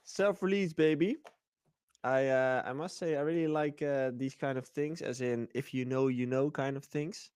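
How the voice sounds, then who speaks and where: A man's voice: medium pitch, fairly even intonation, moderate pace, few pauses, a little mellow, smooth, no room sound. A man co-hosting a livestream, chatting playfully and rambling with fillers. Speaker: livestream co-host. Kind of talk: casual livestream banter.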